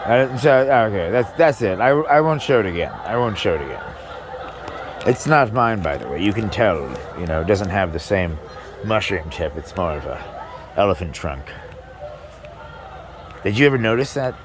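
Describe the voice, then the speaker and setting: A man's voice: lowish voice, animated, normal speed, long pauses, background noise. A man doing a stand-up comedy set in a club, rambling, breaking off mid-sentence and laughing at his own jokes.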